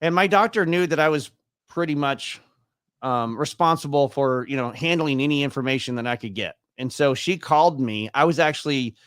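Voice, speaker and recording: Speaking at a normal speed, the man has a mid-range voice that's a bit bright and clean in tone, recorded dry in a clean studio. He's in his fifties and is a guest in an interview, casually recounting his own experiences in a chatty style while acting out quoted conversation.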